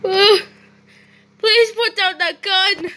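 A woman acting out a playful comedy skit, talking theatrically and swinging between chatty and panicked shouting. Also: very high voice, fairly even intonation, extremely slow.

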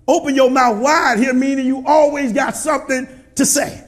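A middle-aged male pastor preaching a sermon to his congregation in a church, calling for responses and often shouting. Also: extremely high pitch, brisk, hardly any pauses.

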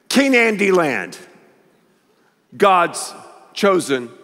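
A man preaching a sermon as pastor, with an animated, playful manner. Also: sits high. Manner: animated, playful, leads the congregation in call-and-response. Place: large church auditorium. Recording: long reverb of a large church hall.

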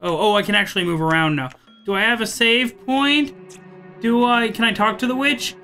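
A man commentating a horror game let's play, chatty, thinking out loud and often breaking off his own sentences. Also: sits high, moderate pace, faint music behind. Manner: thinks aloud, chatty and self-interrupting.

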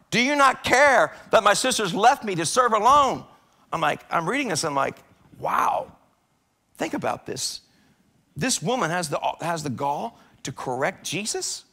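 Bright-voiced man giving casual church teaching. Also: high-pitched. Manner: conversational, acts out prayers and complaints in a raised voice. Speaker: pastor.

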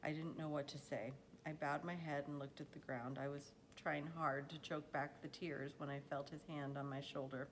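A woman reading a children's novel aloud in a steady, unhurried storytelling manner. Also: deep voice, slight background noise, poor audio. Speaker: audiobook reader.

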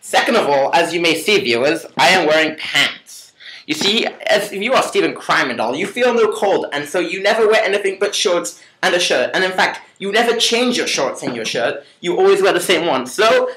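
A cocky, carefree young roommate brags and mocks in a boastful patter, as a young man puts him on. The voice sits a bit high for a man, and the home room around him rings with echo. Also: lively intonation, moderate pace, pushed and bright, a little hiss or hum. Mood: mocking. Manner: mocking, boastful, repeats a catchphrase. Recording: echoey room.

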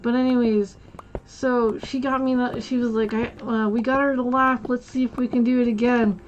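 A woman's voice: fairly high pitch, flat delivery, normal speed, muffled recording. A woman streamer telling a work story in casual chat, rambling with lots of fillers and restarts.

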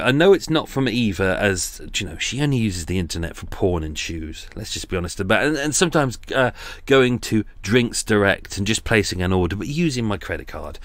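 A man's voice: lowish voice, no echo. A man hosting a podcast, telling a rambling comic monologue full of jokey asides and sighs. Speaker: podcast host.

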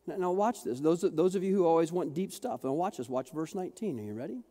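Male pastor, sermon; high voice that leaps all over, playful, acts out little scenes, long hall reverb. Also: quick pace. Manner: animated, acts out voices of people in the story; jokey, asks the congregation to repeat words. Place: large church hall.

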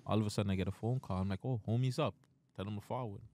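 A man co-hosting a podcast, telling a story in casual, profane chat and loudly acting out the quotes. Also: fairly low pitch, steady tone, rapid-fire, slight background noise. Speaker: podcast co-host.

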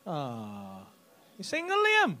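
A man's voice: on the high side, wildly swooping pitch, slow, pushed and bright. A man doing stand-up crowd work, cheeky and teasing, swearing freely as he chats with people in the audience on a club stage. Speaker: stand-up comedian. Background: faint audience laughter.

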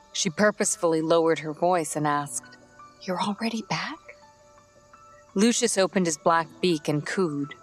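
A woman narrating a storybook in a steady, even read. Her voice sits on the low side, with faint music playing under her. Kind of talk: scripted narration.

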